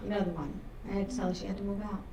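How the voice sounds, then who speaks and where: A middle-aged woman performing a crude stand-up comedy set on a club stage, delivering brash deadpan punchlines. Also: medium pitch, racing, recorded from a distance, heavy background noise. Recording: roomy club sound from afar, audience laughter.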